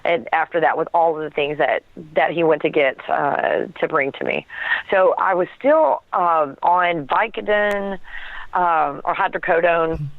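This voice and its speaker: A woman's voice: sits low, lively intonation, measured pace, dry recording. A woman telling a personal story as an interview guest, earnest and searching for words, often breaking into a laugh. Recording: tinny phone line, dry.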